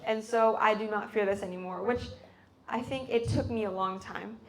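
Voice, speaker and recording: A woman's voice: mid-range voice, steady tone, moderate pace, a little hiss or hum. A teenage girl from the United States, an exchange student, telling her story in a casual chat, full of fillers and acting out her own reactions. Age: teens. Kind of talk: casual talk at a hosted chat.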